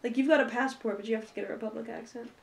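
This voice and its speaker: High voiced woman cohost, jokey and chatty, roomy sound. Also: rapid-fire, gravelly, crowd noise. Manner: teasing, animated anecdote-telling. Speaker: co-host. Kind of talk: casual chat.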